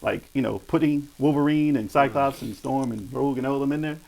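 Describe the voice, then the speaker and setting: A man's voice: medium pitch, a little fast, gravelly, a little mellow, low-quality recording. A man hosting a casual gaming podcast, reading news in a laid-back way with frequent laughs. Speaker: podcast host.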